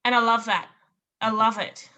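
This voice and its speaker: A woman's voice: a little high, fairly even intonation, normal speed, bright, forceful tone, highs cut off. A woman hosting a podcast interview, effusive and openly moved by her guest. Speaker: podcast host. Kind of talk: interview chat.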